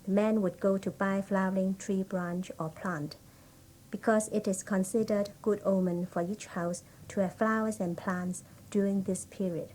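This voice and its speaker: A woman with a Hong Kong English accent, a Cantonese native speaker, reading a prepared passage aloud with careful, measured, non-native phrasing. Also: medium pitch, steady tone, darkish tone, a little hiss or hum, poor audio.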